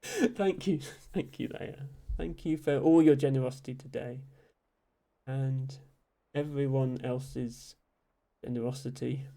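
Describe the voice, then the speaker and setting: A young man streaming, reading chat messages aloud and thanking viewers, with frequent ums and soft laughs. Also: mid-range voice, fairly even intonation, takes it slowly, vocal fry. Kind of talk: casual live-stream chat.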